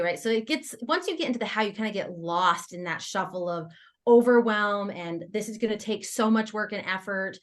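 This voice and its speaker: Woman, podcast guest, mid-pitched voice, casual storytelling, animated, laughs a lot, quotes her own thoughts. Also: brisk. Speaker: guest entrepreneur. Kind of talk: conversational storytelling interview.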